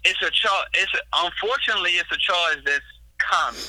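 Young guy cohosting a podcast, real bright voice, kinda high, blunt slangy talk, dry close sound. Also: a little fast, no echo, rough recording. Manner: blunt, slangy, reasons out loud. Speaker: podcast co-host. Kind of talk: casual chat.

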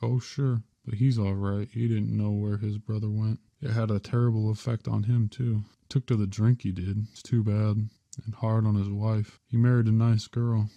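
A man's voice: lowish voice, level tone, moderate pace, creaky, dark tone, no echo. A man reading aloud voices a cheerful, gossipy small-town real estate agent with folksy rural speech.

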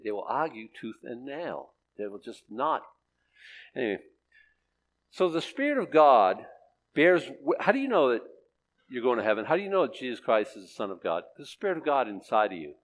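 An older man preaching a sermon, swinging between loud emphatic lines and quiet asides. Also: mid-range voice, expressive, moderate pace.

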